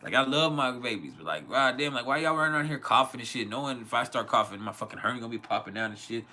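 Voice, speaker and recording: A man's voice: mid-range voice, lively intonation, fast talker, bright, forceful tone. A man hosting an astrology livestream Q&A from home, talking in loose, profane, rambling rants with laughs. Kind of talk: casual livestream chat and Q&A.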